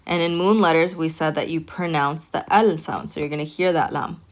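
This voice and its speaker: Woman, lowish voice, patient teacher, slow repetitions, frequent "okay?". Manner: patient, repeats words slowly and checks in with "okay?". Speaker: Arabic teacher. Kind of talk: recorded online lesson.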